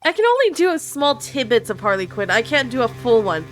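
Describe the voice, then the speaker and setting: A woman's voice: a little high, very animated, a little fast. Playful woman chatting over game music. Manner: playful, self-deprecating, laughs often. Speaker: let's play narrator. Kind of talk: casual gameplay commentary. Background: faint game music.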